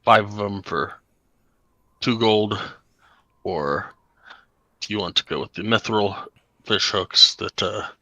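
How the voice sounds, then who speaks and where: A man voicing a hesitant male shopkeeper, quoting prices with many pauses and fillers. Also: fairly low pitch, vocal fry, pushed and bright, no echo, exaggerated voice. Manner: haggling, halting with fillers.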